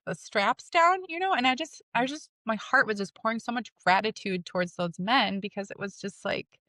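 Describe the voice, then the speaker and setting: A woman in her thirties talking as a podcast guest, halting, with many fillers and self-conscious asides. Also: mid-range voice, a bit bright, dry recording, studio quality. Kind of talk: casual conversation.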